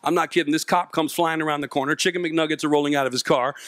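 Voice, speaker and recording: A youth mentor and speaker with a fairly high voice tells a comic story on stage to a live audience, talking fast. He's animated and self-mocking, acting out the voices of people in his tale, in a dry, close recording.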